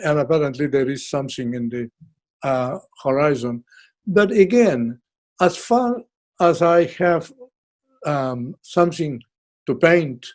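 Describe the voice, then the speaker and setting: A man's voice: on the high side, a little mellow. An older man from Uruguay with a Uruguayan Spanish accent, a guest artist chatting casually, often repeating words as he searches for the English. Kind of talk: casual chat.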